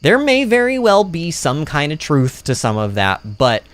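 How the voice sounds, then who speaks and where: A man rambles through game commentary on a livestream, often poking fun at himself. His pitch jumps around constantly. He speaks into a streaming microphone. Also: moderate pace, dry recording. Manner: rambling, animated and self-deprecating.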